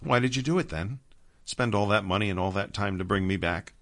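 A man's voice: lowish voice, a little fast, voice pushed up, natural voice. A man voicing a blunt, wry man brought back from death, speaking.

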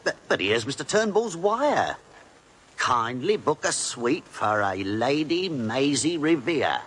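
An actor playing a timid, fussy hotel clerk who stammers nervously, in 1940s radio acting. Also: male voice, medium pitch, very animated, moderate pace, fairly bright tone, slight background noise.

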